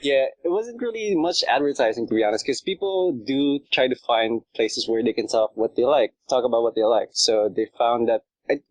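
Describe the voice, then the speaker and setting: A man's voice: medium pitch, moderate pace, hardly any pauses, no room sound, poor audio. A man chatting as a podcast guest, rambling with lots of fillers and laughter. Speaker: podcast guest, subreddit creator. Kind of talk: casual chat.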